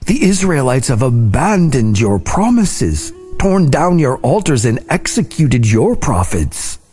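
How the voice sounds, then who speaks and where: A man's voice: mid-range voice, sing-song, a little slow, a little mellow, soft background music, voice pushed up. A man voicing a weary, despairing male prophet, pleading in a raised voice.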